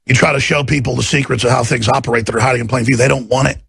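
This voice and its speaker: A middle-aged man delivering an impassioned rant, swinging from low, intense muttering to loud shouting, with a gravelly, husky voice. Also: steady tone, very fast, no echo. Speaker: talk show host.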